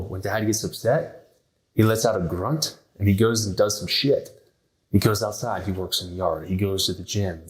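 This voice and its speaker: A man's voice: lowish voice, rough recording. A man hosting a health podcast, talking bluntly and emphatically, often acting out what others say. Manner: blunt, emphatic, acts out quoted voices. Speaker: podcast host. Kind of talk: motivational health talk.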